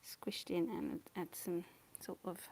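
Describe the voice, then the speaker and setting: Chatty woman painting, gravelly voice. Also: on the low side, little pitch movement, takes it slowly. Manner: chatty, rambling, often drifting into soft whispers and giggles. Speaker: painting channel host. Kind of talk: casual chat while painting.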